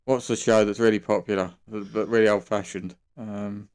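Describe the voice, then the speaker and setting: An Englishman with a lowish voice co-hosts a podcast. He chats in an easygoing, agreeable way and often laughs along with his friend. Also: fairly even intonation, moderate pace, darkish tone, clean tone. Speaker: podcast co-host. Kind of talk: casual chat.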